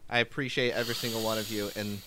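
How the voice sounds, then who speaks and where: A young adult man co-hosting a casual podcast, deadpan and hesitant with stumbling restarts. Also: fairly low pitch, fast, crowd noise. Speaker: podcast co-host.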